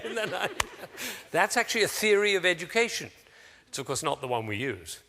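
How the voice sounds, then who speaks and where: A man giving an animated, anecdotal public talk to educators, laughing often as he speaks. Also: sits high, brisk, big-room sound.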